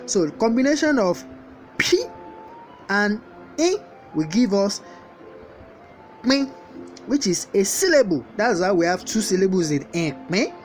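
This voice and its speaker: A woman teaching a language lesson, repeating each word slowly as she goes. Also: medium pitch, very animated. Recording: guitar music playing behind the voice.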